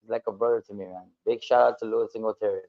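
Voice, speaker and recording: Male guest, easygoing, with a gravelly fry in his voice; dull lo-fi sound. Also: fairly low pitch, racing. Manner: relaxed, switches between English and Spanish. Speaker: guest singer. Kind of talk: casual podcast chat.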